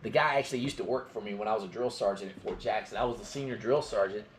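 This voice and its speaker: A man's voice: on the low side, fast talker, a little hiss or hum. A middle-aged man from Georgia with a mild Southern drawl, telling rambling stories in a casual live-stream chat. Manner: rambling storyteller.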